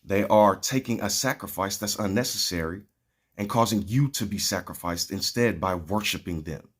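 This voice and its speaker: Man doing a cranky cartoon genius, loud and blunt, in a quick retelling. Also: lowish voice. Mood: mocking. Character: brash, irritable old male scientist.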